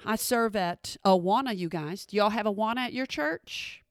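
A woman's voice: mid-range voice, normal speed, no echo. A woman doing stand-up comedy, sassy, with dry asides. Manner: sassy, dry asides, drops into mimicked voices.

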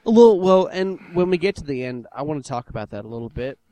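A man's voice: on the high side, very animated, fairly quick, dark tone, dry recording. A man co-hosting a podcast in casual chat, joking and laughing often. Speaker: podcast co-host.

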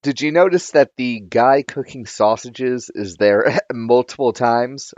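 A man's voice: medium pitch, measured pace, darkish tone, dry recording, dull audio. A man chatting about a film, amused and laughing between phrases. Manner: amused, laughs while talking. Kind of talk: casual film discussion.

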